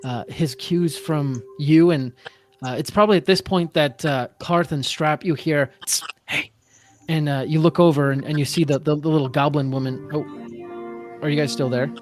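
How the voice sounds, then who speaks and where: A man game master narrating a tabletop session over a video call. He hesitates often, filling gaps with ums, in a fairly high voice. Faint music plays underneath. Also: steady tone, normal speed, darkish tone. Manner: hesitant, many fillers.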